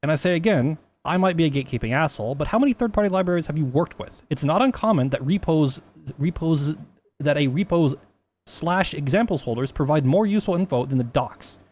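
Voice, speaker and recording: A man's voice: fairly high pitch, lively intonation, a little fast, a little mellow. A man talking casually on a stream, rambling with many restarts and plenty of swearing.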